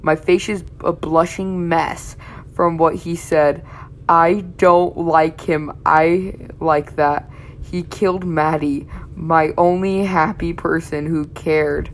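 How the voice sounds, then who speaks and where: Gravelly young woman reading fan fiction. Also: low voice, fairly even intonation, slow. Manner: blunt, heavy swearing, breaks off to comment. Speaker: reaction channel host.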